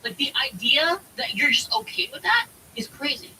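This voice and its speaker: Streamer, female, American: heated profane rant, bright tone, distant mic. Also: high voice, sing-song, moderate pace. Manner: heated, profane ranting with many fillers. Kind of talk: casual chat. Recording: distant mic with faint hiss.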